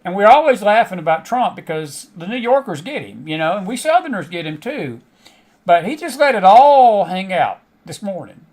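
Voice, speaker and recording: A middle-aged man with a Southern American twang hosts his show in a folksy, rambling way. His voice sits notably high for a man. He chats to his audience like old friends. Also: big pitch swings, moderate pace, a little mellow. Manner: folksy, chatty, frequent laughs and asides. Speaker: host. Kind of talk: casual monologue to a live online audience.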